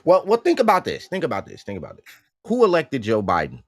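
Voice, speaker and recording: A man co-hosting a casual political morning talk show, emphatic and animated, slipping into mocking voices. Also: medium pitch, fast, no room sound, clean studio sound. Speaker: co-host.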